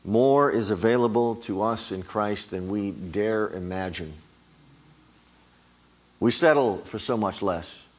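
A man's voice: fairly low pitch, takes it slowly. A middle-aged man preaching a sermon, emphatic and climbing on repeated words.

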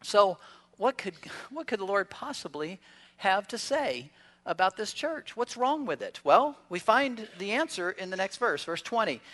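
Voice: medium pitch, very animated, measured pace, fairly bright tone. A pastor giving a church sermon in a conversational way, asking the congregation rhetorical questions and adding humorous asides. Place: church service.

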